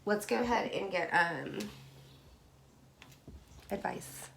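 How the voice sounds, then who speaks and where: A woman chatting casually through a tarot reading, effusive, moving from hushed asides to excited bursts. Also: medium pitch, slow pace, gravelly, noisy background. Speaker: tarot card reader.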